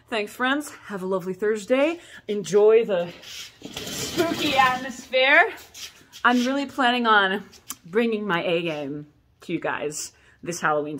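A young adult woman hosting a casual product vlog, rambling and animated as she chats about corsets. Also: fairly high pitch. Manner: rambling, animated, laughs and coughs often. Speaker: corset shop host.

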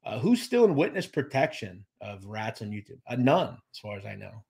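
A man with a low, creaky, slightly rough voice of darkish tone speaks at a normal speed in a sing-song way. As host of a live podcast show, he chats casually, reads viewer comments, thanks people by name, and fills his talk with fillers and restarts.

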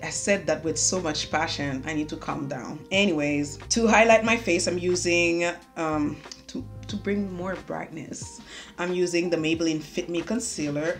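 A woman's voice: deep voice, normal speed. Chatty woman. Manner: chatty, self-mocking, talks while doing makeup. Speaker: beauty vlogger. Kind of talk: casual chatty makeup tutorial. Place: home room. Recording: faint music underneath.

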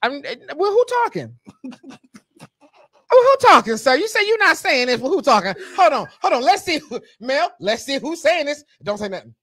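A high, lively male voice that leaps all over the place while he hosts a podcast. He grills and teases his guest loudly, with plenty of profanity. The sound is close and dry, with no room around it. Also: normal speed, dry recording. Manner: loud, animated, profane teasing and cross-examining. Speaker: host. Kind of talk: casual podcast banter.

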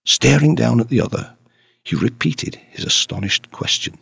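A man narrating a detective story in a measured, scripted way. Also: fairly low pitch, animated, gravelly, a bit bright, slightly rough, no room sound, clean studio sound. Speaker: audiobook narrator.

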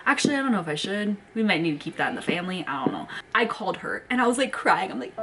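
A woman's voice: mid-range voice, animated, fast, few pauses, music in the background. A young woman vlogging at home, telling a story in a dramatic, profane way with lots of "like". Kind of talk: casual storytime vlog. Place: home, indoors.

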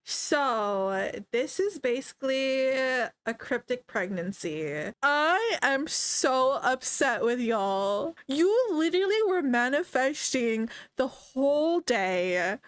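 A woman streamer gives casual, chatty commentary as she plays, reacting out loud and talking straight to her viewers. She speaks slowly in a fairly high voice. The sound is dry and close. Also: big pitch swings, clean tone, no room sound. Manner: chatty, exclamatory, talks to her chat. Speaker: game streamer.

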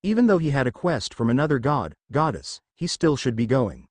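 A man reading a fan fiction story aloud as narrator, telling it with lively ups and downs. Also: medium pitch, fairly quick, no room sound.

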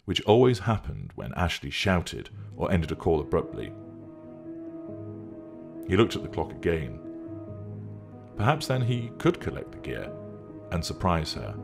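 A man narrating a story in a deliberate, measured way. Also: deep voice, creaky. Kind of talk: scripted audiobook narration.

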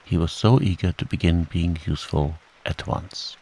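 Deep calm man reading a bedtime story. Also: creaky, breathy edge, poor audio. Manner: slow, soothing, gentle. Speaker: audiobook narrator. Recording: rain sound under the voice. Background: rain.

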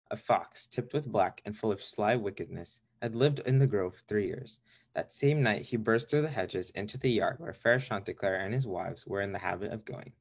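A man reading a storybook aloud to children at a steady, measured pace, with small slips. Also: lowish voice. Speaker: volunteer reader.

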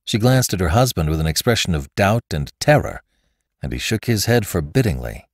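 A man narrating a classic short story in an expressive, scripted reading. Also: low-pitched, a little fast, dry recording, studio quality. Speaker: podcast narrator.

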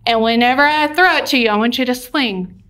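A woman's voice: a little high, a little fast, fairly bright tone. A woman teacher leading a cheerful, patient lesson for young children, coaxing them along.

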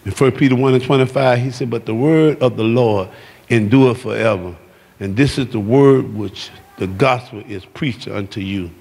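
A man preaching a sermon, shouting and calling out to the congregation in a church. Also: mid-range voice, normal speed, creaky, husky. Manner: shouting, exuberant preaching with call-outs to the congregation. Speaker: pastor. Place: church sanctuary. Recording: long hall reverb.

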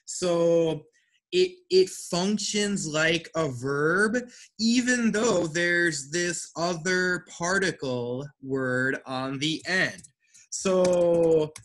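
A man teaching an online English class, speaking slowly and deliberately. His voice is bright and forceful. He is patient and encouraging and explains step by step over a video call. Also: on the high side. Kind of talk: online language lesson.

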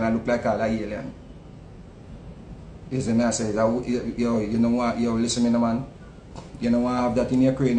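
Animated Jamaican man in an echoey room. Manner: animated, repeats words, swings between loud and low. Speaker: online commentator. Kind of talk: casual commentary monologue. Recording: echoey room with faint rumble.

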